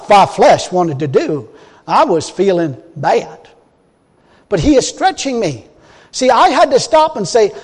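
High-voiced folksy preacher in a hall. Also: male voice, sing-song, normal speed. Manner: folksy storytelling, swings from loud emphasis to quiet groans. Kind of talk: sermon testimony. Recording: long hall reverb.

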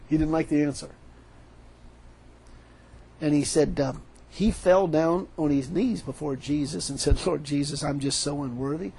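A man preaching a sermon, animated, retelling a story with quoted dialogue. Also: on the high side, unhurried, creaky, pauses often, a little hiss or hum, rough recording.

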